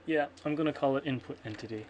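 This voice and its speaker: This casual coding screencast features a man with a medium-pitched, slightly mellow voice who talks fast while streaming his programming. He rambles, corrects himself and mutters as he thinks aloud into a computer microphone, with faint background noise and the sound of typing and clicking keys.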